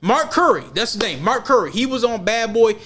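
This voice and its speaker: A man's voice: very high voice, very animated, brisk, pushed and bright. A man co-hosting a podcast, talking in a loose, rambling, emphatic way full of slang. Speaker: podcast co-host. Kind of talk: casual podcast chat.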